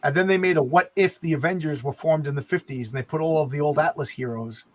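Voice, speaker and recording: Man, higher pitch, casual comic book chat, rambling, repeats words. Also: fast. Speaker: podcast co-host.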